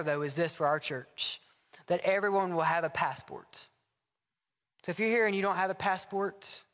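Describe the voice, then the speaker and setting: A man preaching a sermon from the pulpit, telling stories and acting out short dialogues. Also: high-pitched. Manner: animated storytelling with acted dialogue. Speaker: pastor. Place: church sanctuary. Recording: long hall reverb.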